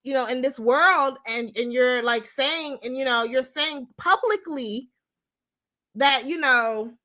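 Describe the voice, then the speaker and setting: A woman's voice: sits high, takes it slowly, bright, forceful tone. A young adult woman hosting a casual commentary show, talking blunt and sassy straight to her viewers. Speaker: show host.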